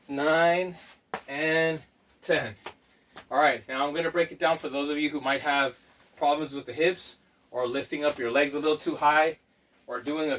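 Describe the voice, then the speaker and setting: A man leading a home workout as a fitness instructor, counting reps aloud and giving slow, step-by-step tips. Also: fairly high pitch, fairly bright tone. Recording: voice from a distance off the mic.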